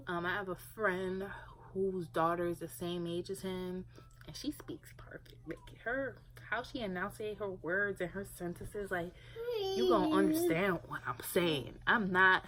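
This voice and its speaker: A woman's voice: on the low side, a little slow, a bit bright, slight background noise, low-quality recording. A young woman vlogging about her family in a casual, rambling way, full of filler words. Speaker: parent vlogger. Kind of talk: casual talk to camera.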